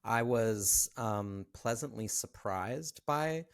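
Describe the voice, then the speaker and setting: A young man co-hosting a podcast, chatting casually about a movie and pausing with ums as he talks. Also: mid-range voice, expressive. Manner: hesitant, many ums and throat clearing. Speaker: podcast co-host.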